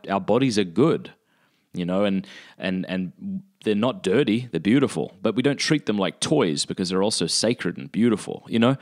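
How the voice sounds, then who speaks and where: Animated man. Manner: animated, often jumping up in pitch when quoting. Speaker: speaker giving parenting advice. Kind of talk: casual talk to listeners.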